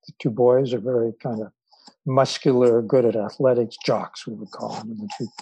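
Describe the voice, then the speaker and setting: A man speaks as a podcast guest with a very husky, mellow voice, unhurried and thoughtful, often pausing on fillers as he tells stories. His voice sits in a middle register. It is recorded close and dry, with no room sound. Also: mid-range voice, fairly even intonation, no echo, muffled recording. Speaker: interview guest, psychologist and author. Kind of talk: relaxed storytelling in conversation.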